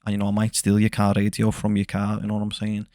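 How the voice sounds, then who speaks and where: A man putting on a high-pitched Liverpool accent, voicing a cheeky, cocky young man. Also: monotone, fast, a little mellow, dry recording, clean studio sound, natural voice.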